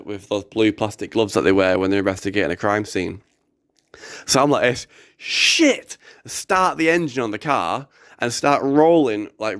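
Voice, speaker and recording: A young man telling a story casually, animated, swearing and acting out the quotes. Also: fairly low pitch, clean tone, dry recording, studio quality.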